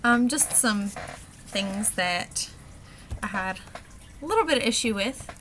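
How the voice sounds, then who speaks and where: Slow, hesitant woman presenting. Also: medium pitch, animated, a bit bright, slight background noise. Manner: hesitant, with frequent ums. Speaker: student presenter. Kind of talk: class presentation on a dialect.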